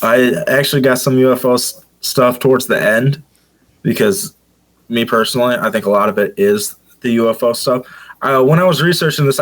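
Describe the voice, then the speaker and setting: A man hosting a podcast, reading story notes aloud and tripping over words now and then. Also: medium pitch. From Michigan. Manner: stumbles over words, laughs at himself. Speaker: podcast host.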